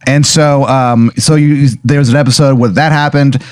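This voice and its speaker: A man's voice: medium pitch, steady tone, normal speed, clean tone, dry recording. A man running an improvised comedy role-play as game master, rambling along with lots of filler words.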